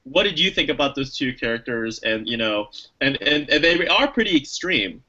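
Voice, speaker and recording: A man's voice: medium pitch, animated, moderate pace, bright, forceful tone, dull audio. A man chatting casually about a movie as a podcast co-host, rambling with lots of restarts and fillers and acting out lines he quotes. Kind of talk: casual movie review chat.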